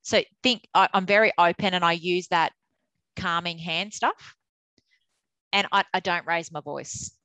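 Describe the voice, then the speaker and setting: A middle-aged woman, an umpires manager giving a candid, animated webinar talk. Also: lowish voice, a little slow, no room sound, poor audio. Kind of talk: webinar presentation.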